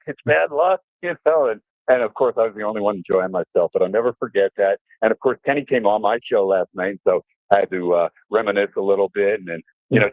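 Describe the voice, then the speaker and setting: Middle-aged radio guest, chatty storyteller, dry and phone-thin. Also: male voice, on the low side, no echo. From New Jersey. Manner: animated storyteller, fillers, mimics voices. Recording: tinny phone-line audio.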